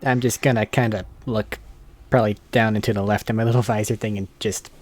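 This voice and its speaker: A man's voice: on the low side, fairly even intonation, fairly quick, a little mellow, slight background noise. Chuckling man playing a tabletop game. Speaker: player. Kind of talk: casual tabletop role-play chat.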